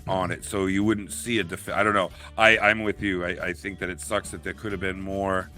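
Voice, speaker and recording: A man's voice: deep voice, brisk, faint music behind. A man co-hosting a podcast, telling a story casually and acting out the quotes. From New England. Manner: animated storyteller, acts out quotes. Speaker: podcast co-host.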